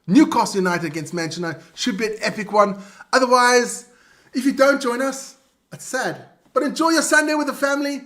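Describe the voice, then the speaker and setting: A man's voice: extremely high pitch, fairly quick, pushed and bright. A man co-hosting a casual live sports roundup, reading scores with chatty asides while his voice wears out. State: voice wearing out. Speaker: sports show co-host.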